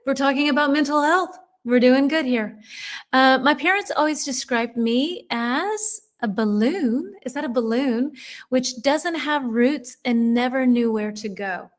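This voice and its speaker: Woman, middle-aged, English teacher, live lesson, chatty, reads comments aloud, fairly high voice. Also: unhurried. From United States.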